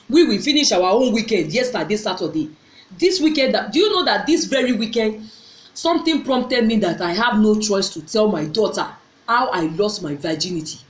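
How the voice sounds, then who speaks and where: A middle-aged woman tells a personal story to her viewers, earnestly, often repeating and restarting her phrases. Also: mid-range voice. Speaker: vlogger. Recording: echoey room.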